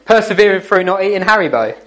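Man, slightly high voice, informal youth talk, teasing, jokey. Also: lively intonation, fast, fairly bright tone, poor audio. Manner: jokey, chatty, teasing the listeners. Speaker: youth speaker. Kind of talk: informal talk to young people.

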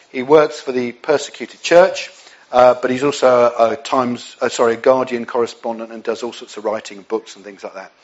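A man's voice: medium pitch, muffled recording. An English man preaching a sermon in a conversational way, with frequent restarts and asides. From England.

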